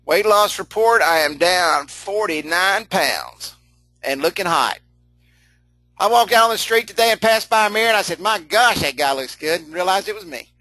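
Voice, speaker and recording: A man's voice: sits high, normal speed, pushed and bright, no echo, poor audio. A middle-aged man leading a live online training session, folksy and chatty, laughing often, repeating himself and answering chat comments as he goes.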